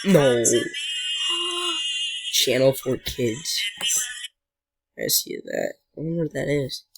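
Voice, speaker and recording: A woman's voice: rumbling low, huge pitch swings, takes it slowly, creaky, breathy edge, low-quality recording. A woman giving emotional commentary while watching videos for a reaction vlog, often laughing and sighing. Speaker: vlogger. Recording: loud music from the clips she watches.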